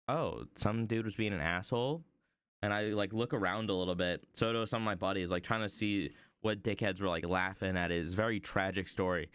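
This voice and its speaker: Rambling young man with a smooth low voice. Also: a bit bright, no room sound. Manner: rambling, heavy on fillers. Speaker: streamer. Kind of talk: casual storytelling while drawing.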